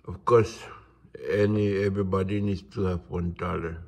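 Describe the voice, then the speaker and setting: A man, ranting in a halting, indignant monologue. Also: low-pitched, little pitch movement, gravelly, a little mellow. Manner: indignant, halting, restarts words. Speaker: vlogger.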